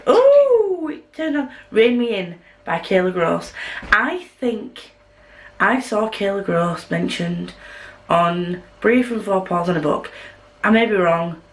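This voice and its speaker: A Yorkshire woman from northern England vlogs at home, chatting to camera in a rambling, self-deprecating way. Her medium-pitched voice is fairly bright and slow, and the recording is rough.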